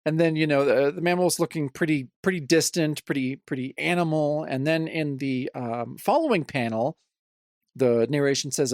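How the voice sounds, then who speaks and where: A man's voice: on the high side, moderate pace, a little mellow, no room sound, clean studio sound. A man co-hosting a casual comic book podcast, talking bluntly and swearing now and then. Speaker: podcast co-host.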